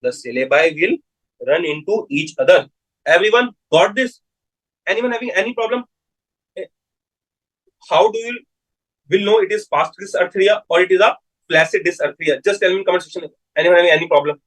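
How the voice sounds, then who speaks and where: A man giving a live online medical lecture, repeating key phrases slowly and checking in with his students. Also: high-pitched, a bit bright, poor audio.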